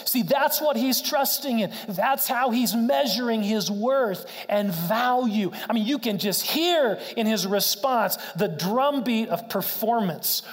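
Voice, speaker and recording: A man's voice: high-pitched, big-room sound. A man preaching a sermon in an earnest way, asking rhetorical questions and often restarting his words. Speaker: pastor.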